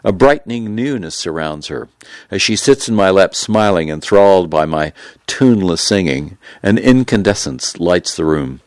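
A man in his thirties reading a memoir aloud in a measured, reflective, unhurried way. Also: deep voice, animated, dry recording. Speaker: narrator. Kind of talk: audiobook memoir narration.

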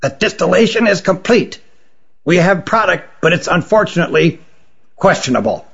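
A man reading a story, voicing a grave male distiller who speaks in measured, solemn tones. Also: high voice, lively intonation, dull audio, pitched above the performer's own voice. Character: grave, severe male distiller, usually melodious.

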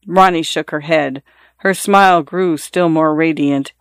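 An audiobook narrator tells a literary story in a measured, even voice at a middle pitch. The reading is steady and scripted, close to the mic. The sound is dry, with no room echo. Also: clean tone.

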